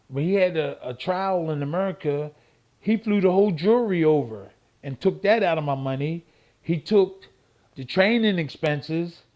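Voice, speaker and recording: A man's voice: fairly high pitch, highs cut off. A man, an interviewee, telling a long story and acting out phone calls, repeating himself. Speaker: interviewee, former boxing champion.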